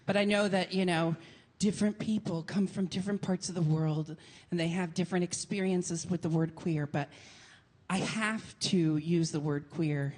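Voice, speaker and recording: A woman from Portland, Oregon, performing a stand-up comedy set on stage, theatrical and prone to sudden high shouted outbursts. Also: fairly even intonation, moderate pace. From Portland, Oregon, USA. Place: comedy stage before a live audience. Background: audience laughter and light room noise.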